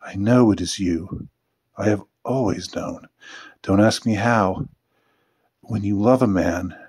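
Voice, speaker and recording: A man's voice: low voice, a little slow, slightly rough, full character voice. A man voicing a timid, dazed young wife. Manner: small, almost timid voice. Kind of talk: audiobook character voice.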